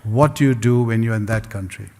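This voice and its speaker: A man giving a public lecture and answering audience questions in a measured, rhetorical way with humorous asides. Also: fairly low pitch, mellow. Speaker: guest speaker. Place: lecture hall. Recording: long hall reverb.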